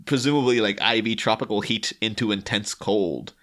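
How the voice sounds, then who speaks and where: A man's voice: lowish voice, normal speed, fairly bright tone. A man co-hosting a podcast in casual chat, rambling and laughing, acting out quotes. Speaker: podcast co-host.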